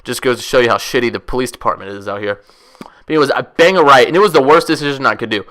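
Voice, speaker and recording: Excitable, profane young man telling a story. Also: mid-range voice, fast. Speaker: vlogger. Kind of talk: casual storytelling.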